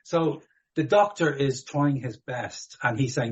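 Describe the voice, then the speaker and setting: A man's voice: mid-range voice, a little slow, breathy edge. A middle-aged Irish man, a guest hypnotherapist, telling a personal story in an earnest, vivid way in a podcast interview, with a laugh now and then. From Ireland. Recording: dull lo-fi audio.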